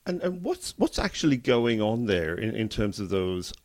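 A man's voice: lowish voice, big pitch swings, normal speed, a little mellow. Man hosting an academic podcast. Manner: formal introduction, thoughtful questions. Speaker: podcast host.

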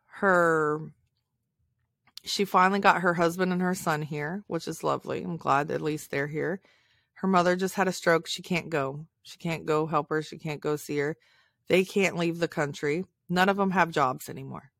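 A woman's voice: low-pitched, normal speed, creaky, fairly bright tone, no echo. Heartfelt woman, dry close sound. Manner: emotional, heartfelt, tearful at times. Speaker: podcast host. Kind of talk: personal storytelling monologue.

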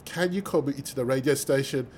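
A British man, a mathematician guest, telling stories with lively energy, acting out the voices of people he quotes and laughing as he goes. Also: medium pitch, fairly quick, slight background noise. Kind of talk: animated storytelling in conversation.

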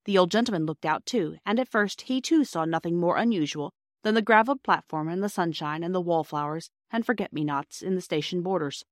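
A woman narrating a classic children's story as a podcast host, in a clear, steady reading voice. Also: fairly low pitch, brisk, few pauses, no room sound, studio quality.

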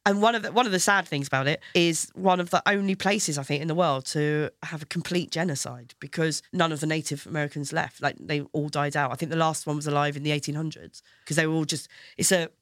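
A woman's voice: low-pitched, fast talker, few pauses, a bit bright, no room sound, clean studio sound. A woman comedian chatting as a podcast guest, laughing often and restarting her sentences. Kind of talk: casual chat.

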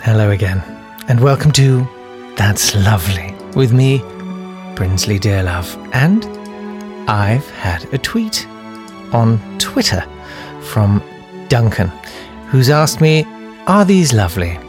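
A man voicing a gentle, fussy older presenter who coos slowly over photos. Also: fairly low pitch, very animated, over music. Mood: cooing. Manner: slow, cooing, ponderous.

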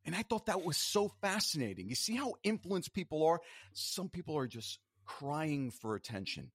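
A man's voice: fairly high pitch, sing-song, normal speed, hardly any pauses, a bit bright, slightly rough, no room sound, studio quality. A man speaking as an interview guest, in an emphatic, motivational way. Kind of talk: casual interview talk.

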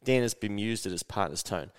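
Animated New Zealand man telling a yarn. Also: on the low side, a little fast, smooth, in a large hall. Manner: animated, slangy, swears casually. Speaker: podcast host. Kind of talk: storytelling podcast.

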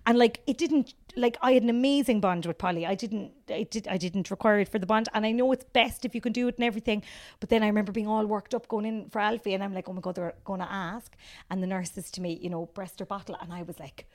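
A woman in her thirties with a Cork accent, a guest comedian in casual chat, telling animated stories and acting out what people said. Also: medium pitch, fast. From Ireland. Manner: animated storyteller, acts out quotes.

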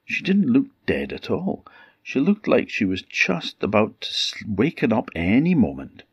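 A traditional storyteller tells a fairytale at an unhurried, emphatic pace. His voice is low and husky. The recording is dry and dull. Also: huge pitch swings, dry recording. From Orkney Islands. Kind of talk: oral fairytale telling.

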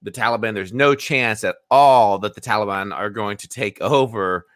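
A man co-hosting a political talk show who explains his points in a measured way. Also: on the low side, no room sound, clean studio sound. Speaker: co-host.

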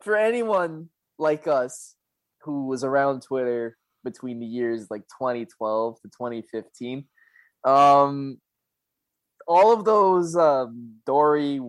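A man's voice: medium pitch, slow, dry recording. A young man co-hosting a podcast, chatting casually with a rambling, laughing, swearing manner. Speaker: podcast co-host. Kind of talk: casual chat.

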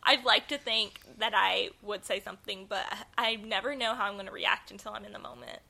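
A woman's voice: mid-range voice, fairly even intonation, a little fast, gravelly, bright, forceful tone. A young woman co-hosting a podcast, chatty and giggly in casual conversation. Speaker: podcast co-host. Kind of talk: casual chat.

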